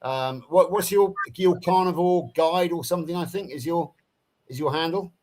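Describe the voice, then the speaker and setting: A man hosting a live stream over a video call, talking casually in a relaxed, halting way with many fillers. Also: fairly high pitch, slight background noise. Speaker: livestream host.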